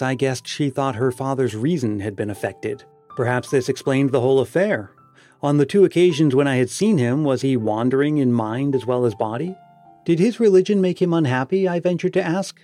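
A man reading a story aloud as narrator, in a measured way that slows for emphasis. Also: medium pitch, dark tone, soft background music. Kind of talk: audiobook narration.

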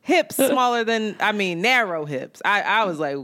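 Animated woman telling a dating story. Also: mid-range voice, normal speed. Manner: animated, laughing, swearing casually. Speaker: podcast co-host. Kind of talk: casual storytelling chat. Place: Brooklyn, New York.

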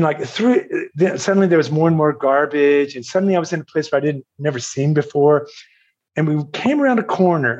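A man's voice: a little high, muffled recording. An older man from Virginia, a podcast guest telling a story in a rambling, self-deprecating way, with restarts and chuckles. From Virginia, USA. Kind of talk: storytelling in an interview.

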